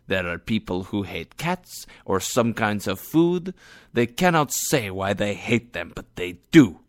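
A man's voice: fairly low pitch, sing-song, a little slow, dry recording, studio quality. A man voicing a vengeful, unyielding moneylender in a read-aloud story, stern and emphatic. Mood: defiant.

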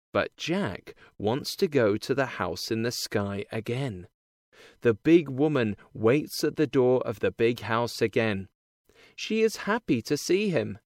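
Male narrator for easy-reader storybook, slow deliberate delivery, middle pitch, dry recording. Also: no room sound. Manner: slow, plain, careful reading. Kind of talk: simple storybook narration for learners.

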